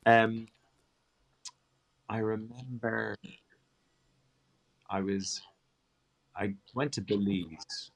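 A man's voice: on the low side, fairly even intonation, drawn-out words, gravelly, pauses often. A male TV presenter, a guest on a show, telling a casual story that rambles and often restarts mid-sentence.

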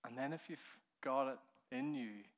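A man preaching a keynote sermon, telling the story with animated energy, laughing often, sometimes dropping to a hush and then building up with fervor. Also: medium pitch, normal speed. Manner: laughs often while speaking. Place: conference hall.

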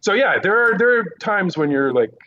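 A man who works as a news correspondent, telling animated stories from the field in a casual podcast interview. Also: sits high, muffled recording. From Quebec Eastern Townships, Canada. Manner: animated anecdotes, quick asides.

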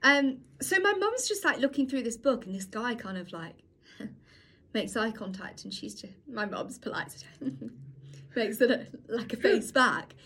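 A young woman co-hosting a podcast, telling stories in a husky, slightly high voice. Her pitch leaps all over as she acts out what others said. It is a relaxed, casual chat. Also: a little slow. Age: 20s. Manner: animated storyteller, acts out quotes. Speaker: podcast co-host.

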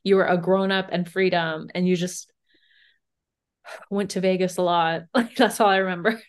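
A woman's voice: lowish voice, steady tone, normal speed, smooth. A young woman in her twenties co-hosting a podcast, chatting casually and rambling with lots of fillers and laughter. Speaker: podcast co-host. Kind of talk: casual chat.

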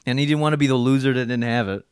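Animated man telling a workplace story. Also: medium pitch, racing, clear, resonant tone, no echo, clean studio sound. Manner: animated storyteller, swears, acts out other people's voices. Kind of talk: casual storytelling chat.

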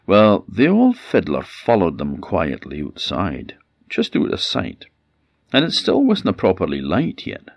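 Deep-voiced Orcadian storyteller, animated. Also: male voice, unhurried, creaky, dry recording, clean studio sound. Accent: Orcadian Scottish. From Orkney, Scotland. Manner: animated, wry, conversational. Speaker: traditional storyteller. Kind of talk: oral folktale storytelling.

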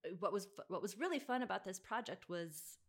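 A woman's voice: mid-range voice, animated, brisk. A woman talking through a book in a casual conversation, thoughtful, with frequent fillers and restarts. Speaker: bookshop podcast host.

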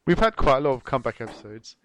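A man's voice: mid-range voice, big pitch swings, a bit bright, a little hiss or hum. A man co-hosting a comedy podcast, teasing and laughing as he chats casually. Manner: giggly, teasing, drawn-out. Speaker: podcast co-host.

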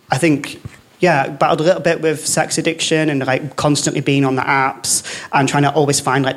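A man speaking as a guest on a live panel, at an ordinary, mid-height pitch for a man. He talks openly and reflectively, pausing often on ums and likes as he works through his thoughts. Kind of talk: candid live panel chat.

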